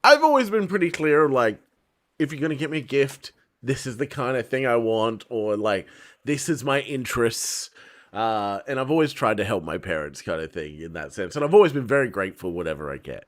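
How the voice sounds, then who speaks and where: A man's voice: medium pitch, brisk. A man, a podcast host telling a story in casual chat and laughing often. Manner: animated storyteller, laughs often, acts out his mum.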